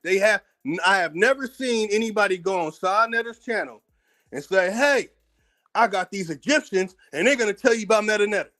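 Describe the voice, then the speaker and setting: A man's voice: sits high, fairly bright tone. An American man hosting his own channel, delivering a heated, profane commentary rant, combative and repeating words as he gets worked up. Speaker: channel host.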